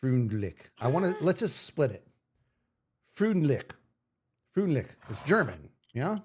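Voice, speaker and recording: A man's voice: a little high, big pitch swings, moderate pace, breathy edge. A man streaming live, chatting casually with his viewers in a playful, self-mocking way. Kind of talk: casual livestream chat.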